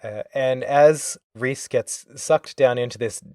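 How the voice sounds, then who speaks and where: A man co-hosting a podcast chats casually about a game, animated and quick to act out characters' lines. His voice sits at a middling pitch. It is recorded close and dry, with no room sound. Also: no echo. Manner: animated, acts out characters' lines with swearing and laughs. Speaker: podcast co-host.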